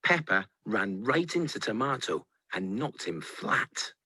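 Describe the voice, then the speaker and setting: A man reads a children's story aloud with a lively, rising and falling delivery. His voice is slightly husky, and the recording is dry and close. He plays up the sound words with gusto. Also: fairly low pitch, measured pace, no room sound. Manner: expressive, playful. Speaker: storybook reader.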